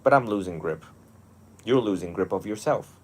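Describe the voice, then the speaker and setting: Low-voiced man telling stories animatedly. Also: normal speed. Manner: animated storytelling, often laughing. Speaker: monastic teacher. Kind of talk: one-on-one mentoring talk.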